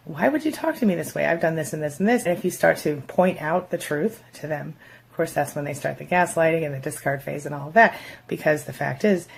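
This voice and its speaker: A woman's voice: low-pitched, gravelly, slightly rough. A woman talking frankly to camera, giving relationship advice and mockingly acting out quoted remarks. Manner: frank, conversational, acts out quoted voices mockingly. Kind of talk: casual advice talk to camera.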